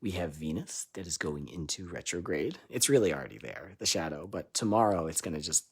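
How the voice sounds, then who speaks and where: Husky, low-pitched man; live spiritual channeler, irreverent and laughing, booming lines and muttered asides. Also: expressive, fairly quick. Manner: loose and irreverent, swearing and laughing between lines; swings between loud declarations and quiet asides.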